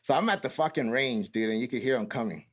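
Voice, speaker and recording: A man's voice: medium pitch, fast. A man and Marine veteran telling a boot camp story in casual, profane podcast chat, acting out the quotes.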